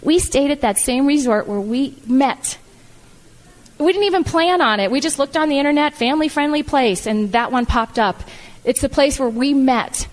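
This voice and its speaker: Woman, middle-aged, high voice, heartfelt motivational speech, emphatic repetition, long hall reverb. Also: normal speed. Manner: heartfelt, animated, repetitive "I love" phrasing. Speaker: speaker at a business event.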